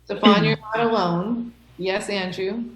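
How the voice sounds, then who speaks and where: A woman's voice: mid-range voice, fairly even intonation, a little slow, roomy sound, rough recording. A woman teacher talking to her class, reassuring and checking in with "okay?" and "right?" as she goes. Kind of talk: classroom talk.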